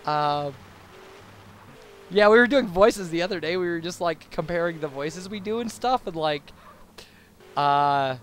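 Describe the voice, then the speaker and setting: Casual young male commentator, high voice, rambly and chatty. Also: expressive, unhurried, pauses often. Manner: rambling and babbling, lots of fillers and tangents. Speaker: let's play commentator. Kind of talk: casual post-commentary chat over gameplay.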